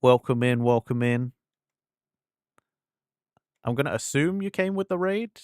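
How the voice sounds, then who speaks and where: A man's voice: medium pitch, expressive, measured pace, a little mellow, dry recording, clean studio sound. A man from England with an English accent, chatting casually on a game stream and acting out conversations as he rambles on. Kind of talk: casual live-stream chat.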